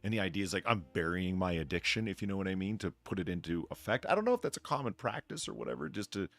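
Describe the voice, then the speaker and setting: A man's voice: low-pitched, big pitch swings, rapid-fire, no echo. A man hosting a casual livestream chat, reading out chat comments with wry, profane remarks. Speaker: host.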